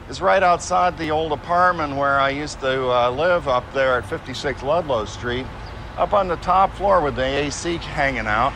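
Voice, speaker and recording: A man in his sixties recording outdoors on a city street, talking in a rambling way with many pauses and fillers. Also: mid-range voice. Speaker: field recordist. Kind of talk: casual spoken commentary. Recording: loud street traffic behind.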